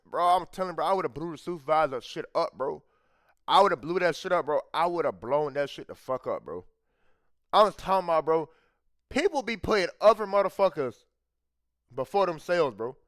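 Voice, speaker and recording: A man hosts a reaction video with heated, profane commentary, repeating himself, restarting when worked up, and tacking "bro" onto nearly every phrase. His fairly high, fairly bright voice is animated at a normal speed, in a dry, clean studio recording.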